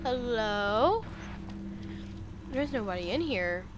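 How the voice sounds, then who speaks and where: A woman's voice: a little high, lively intonation, a little slow, bright, forceful tone, slight background noise. A woman streamer giving casual, joking gameplay commentary and laughing often. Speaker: game streamer.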